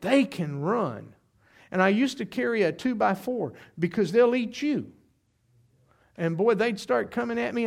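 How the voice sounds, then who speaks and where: A middle-aged man preaching a sermon, telling folksy personal stories with lots of "okay?" asides and swings between loud and hushed. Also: high-pitched, measured pace, vocal fry. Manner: folksy, animated storytelling with frequent "okay?" asides.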